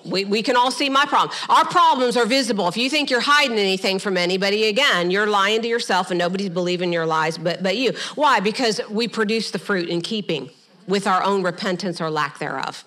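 Bright, forceful middle-aged woman preaching. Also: medium pitch, fairly quick. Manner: animated preaching with humorous asides; acts out quoted voices in passing. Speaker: pastor. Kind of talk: sermon.

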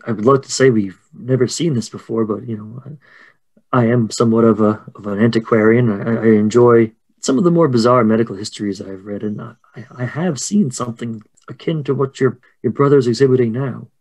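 A man voicing a proper, well-kept older doctor who speaks politely in halting, stammering phrases. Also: medium pitch, a little mellow, close to an everyday voice. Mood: confiding.

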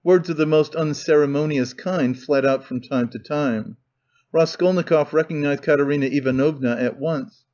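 A male audiobook narrator reads in steady, measured scripted narration. His voice sits slightly high, and the recording is dull and lo-fi. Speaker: audiobook reader.

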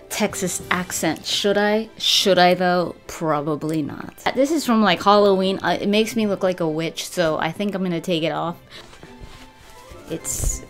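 A woman giving a chatty, enthusiastic video game review in a casual vlog, with faint music behind her. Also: medium pitch.

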